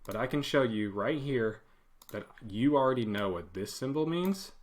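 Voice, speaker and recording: A man teaching web coding as an instructor in a casual screen-share lesson, animated and acting out commands in a loud put-on voice. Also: mid-range voice, moderate pace.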